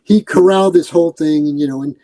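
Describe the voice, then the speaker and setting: A man's voice: on the high side, fast, poor audio. An older man from New York, a retired police commander, telling stories in a casual interview and acting out the voices of the people in them. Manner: animated, acts out quoted voices.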